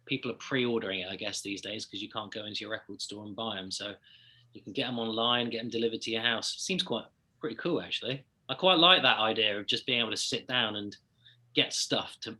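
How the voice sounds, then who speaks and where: Easygoing musician guest with a London accent; a very bright voice at a middle pitch. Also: male voice. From United Kingdom. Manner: chatty, easygoing, laughs often. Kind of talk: casual interview chat.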